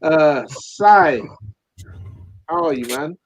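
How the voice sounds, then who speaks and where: A man hosting a live football podcast in a relaxed, jokey way, greeting guests as brother and man. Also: on the high side, very slow, a little hiss or hum, low-quality recording. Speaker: podcast host.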